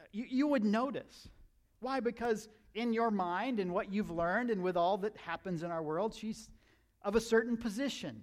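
A male pastor giving a conversational sermon, asking his listeners questions and slipping into quiet asides. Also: high-pitched, normal speed. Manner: conversational, asks the audience questions, drops to asides.

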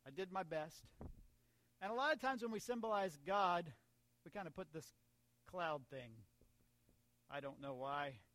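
High-voiced American man preaching. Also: unhurried, long pauses, fairly bright tone. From United States. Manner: conversational preaching with asides and humor. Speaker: pastor. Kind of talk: sermon.

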